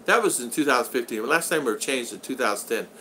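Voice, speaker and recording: A man's voice: medium pitch, lively intonation, fast talker, pushed and bright, a little hiss or hum. An older American man hosting a casual livestream, reading viewers' chat aloud, greeting them by name and laughing often. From United States.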